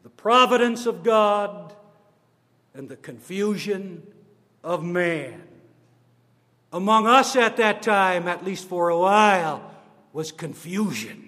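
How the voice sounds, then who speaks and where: A man giving a formal address on church history, slow and deliberate, stressing his words one by one. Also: high-pitched, lively intonation, pushed and bright. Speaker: church speaker on denominational history. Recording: long reverb of a large hall.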